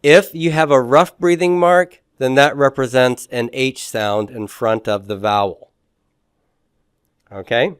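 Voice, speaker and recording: A man's voice: mid-range voice, fairly even intonation, measured pace, clear, resonant tone, no room sound, clean studio sound. A man teaching a beginners' Greek lesson, explaining patiently and often checking in with "okay?". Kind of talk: classroom lecture.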